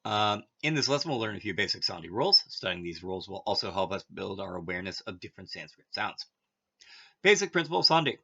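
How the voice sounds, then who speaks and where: Man, lowish forceful voice, reads a lesson aloud with offhand asides; muffled lo-fi recording. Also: very animated, fast, slightly rough. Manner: reads text then adds offhand asides. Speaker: language teacher. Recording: dull lo-fi audio.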